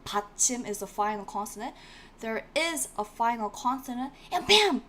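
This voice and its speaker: Woman teacher, fairly high voice, cheerful drills and repetition, live class. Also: a little fast, a little hiss or hum. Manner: encouraging, repeats words for drilling; laughs often, playful asides. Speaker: language teacher. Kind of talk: live-streamed online class.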